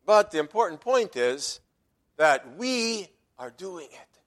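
Pastor guy preaching, slightly high voice, gets quiet then loud on the verses. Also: sing-song, slow. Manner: emphatic, swings between quiet asides and loud quoted verses. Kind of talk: sermon.

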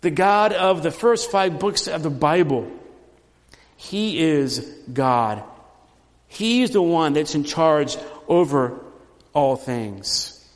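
A man preaching a sermon, teaching through a scripture passage and building to emphatic, loud repetitions. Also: on the high side, expressive, slow, long reverb tail. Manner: emphatic preaching, rising loud on repeated phrases. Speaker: pastor.

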